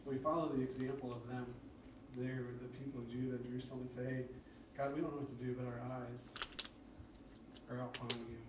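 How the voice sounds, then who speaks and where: A man preaching a conversational sermon, acting out prayers and complaints in a lively, rising voice. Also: a little fast, heavy background noise. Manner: conversational, acts out prayers with rising excited pitch. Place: church sanctuary. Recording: very echoey church from far off.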